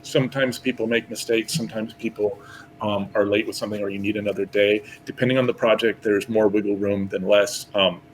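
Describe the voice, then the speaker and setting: A man with a fairly low voice talks candidly as a guest on a casual podcast. His talk rambles and he laughs easily. A faint rumble sits under the recording. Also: fairly even intonation, brisk, rough recording. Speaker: guest artist.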